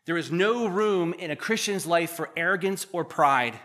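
A man in his thirties preaches to his congregation, reading scripture and jumping into animated asides. His voice is bright and forceful and pitched a touch high. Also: normal speed. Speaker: pastor.

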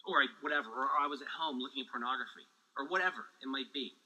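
A man preaching a sermon with lively energy, joking asides and heat, sweating as he talks. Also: medium pitch, quick pace, rough recording. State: sweating, overheated. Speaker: pastor.

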